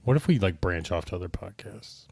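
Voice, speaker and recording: A man from Indiana co-hosting a podcast, trading deadpan, self-mocking jokes in casual chat. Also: sits low, brisk, creaky, breathy edge, dry recording, studio quality. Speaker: podcast co-host.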